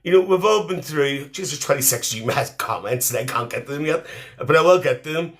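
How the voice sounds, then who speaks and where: Slightly high and a little fast, this man's fairly bright voice is lightly acted as he takes on the role of a cheeky, talkative middle-aged auntie. He runs a phone live stream, reading viewers' comments and teasing and fussing over them.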